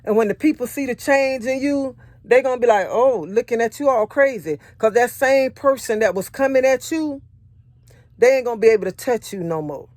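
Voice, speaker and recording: Speaking a little fast in a fairly high, slightly mellow voice, this married adult woman encourages listeners in their faith. The clean studio recording has no room sound, and her earnest, repetitive preaching feels conversational as she recounts her own testimony in everyday speech.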